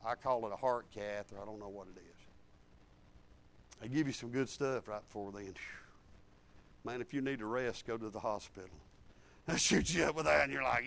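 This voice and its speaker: A man preaching a sermon in a folksy, animated storytelling way. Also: medium pitch, normal speed, vocal fry, long pauses, slight background noise.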